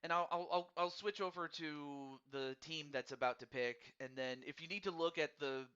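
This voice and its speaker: Bright-voiced man hosting a stream. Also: fairly high pitch, moderate pace, smooth, lo-fi sound. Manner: rambling, repeats words, upbeat and friendly. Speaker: host of a fantasy hockey draft stream. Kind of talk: casual live-stream chat.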